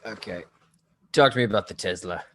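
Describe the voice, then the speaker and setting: A performer plays Batman, gruff and deep, who grills suspects at a murder-mystery party. The growl sits far below normal speech and comes in slow, deliberate questions. The style is improvised comedy.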